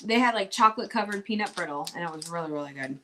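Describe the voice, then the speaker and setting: Bright-voiced woman gushing over snacks. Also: lowish voice, lively intonation, fast talker, a little hiss or hum. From Missouri. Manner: enthusiastic, gushing about food. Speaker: livestream co-host. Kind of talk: casual unboxing chat.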